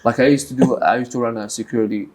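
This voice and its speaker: A man's voice: mid-range voice, fairly even intonation, a little mellow. A boxing coach, telling stories earnestly in a casual podcast conversation, often restarting his sentences. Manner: earnest, storytelling, halting restarts.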